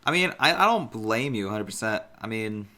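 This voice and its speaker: A man's voice: fairly low pitch, expressive, a little fast, bright, forceful tone. A man in his twenties co-hosting a casual podcast, chatty and rambling. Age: 20s. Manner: chatty, rambling, self-conscious. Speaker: podcast co-host. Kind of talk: casual chat.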